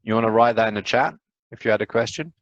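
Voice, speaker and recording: A man with a fairly low voice gives an eager, fast-paced science lecture over a video call, full of "uh" and "right?" asides. The sound is close and dry, with no room echo. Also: dull audio. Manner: enthusiastic, fast, rambling with fillers. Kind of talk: live online science lecture.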